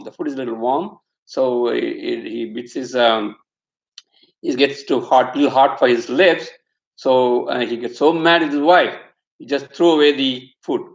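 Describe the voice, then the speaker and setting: Ein Mann mit indischem Akzent hält einen spirituellen Vortrag und erzählt anschaulich eine Lehrgeschichte. Seine Stimme ist leicht knarzig, der Raum klingt hallig. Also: male voice, mid-range voice, creaky. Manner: storytelling, acts out quotes, rhetorical asides. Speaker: spiritual teacher. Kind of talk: satsang talk with storytelling. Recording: echoey room, slightly dull sound.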